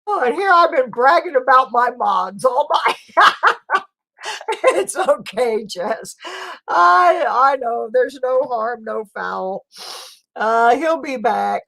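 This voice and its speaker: A woman's voice: high voice, expressive, takes it slowly, gravelly, pushed and bright, rough recording. A woman hosting her own live stream, chatting casually with viewers and laughing often. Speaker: channel host.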